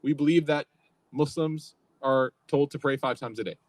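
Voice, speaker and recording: Casual storytelling man, slightly high voice. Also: moderate pace, dry recording, low-quality recording. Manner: conversational storytelling, acts out quotes. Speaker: youth program speaker. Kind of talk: casual religious talk.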